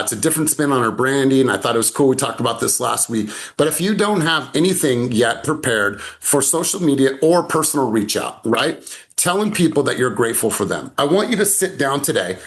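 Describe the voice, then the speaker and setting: A man leading a casual group coaching call over video from a home in the mountains, energetic and emphatic, repeating words and laughing often. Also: medium pitch. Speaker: sales coach.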